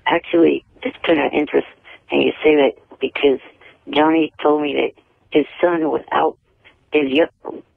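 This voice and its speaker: Brief: male caller, slightly raised pitch, gravelly, stiff and stumbling, tinny phone line. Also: steady tone, no echo. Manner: halting, repeats words, stiff and earnest. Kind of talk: casual call-in chat.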